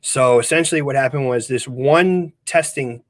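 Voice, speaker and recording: A man talking loosely on a podcast, circling his points with lots of ums and uhs and false starts. His voice sits at an ordinary middle pitch. It is recorded close and dry, with almost no room sound. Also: normal speed, no room sound. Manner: rambling, with many fillers and restarts. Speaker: podcast co-host. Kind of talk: casual chat.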